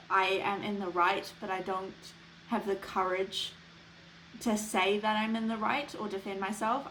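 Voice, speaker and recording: A young woman co-hosting a casual chat podcast, speaking in an earnest, halting way. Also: medium pitch, a bit bright, a little hiss or hum, rough recording. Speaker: podcast co-host.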